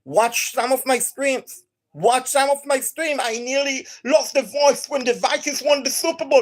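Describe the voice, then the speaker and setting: Energetic woman streamer with an accent. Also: high-pitched, normal speed. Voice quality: non-native accent. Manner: extremely energetic, enthusiastic. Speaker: gaming streamer. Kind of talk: live stream chat to viewers.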